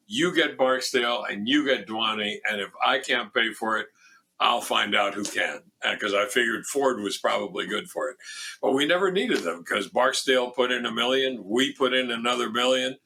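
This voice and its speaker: A man's voice: mid-range voice, creaky, bright, forceful tone, breathy edge. An older man, a former foundation president, telling a story in an interview, quoting others with a raised voice and often restarting his sentences. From Miami.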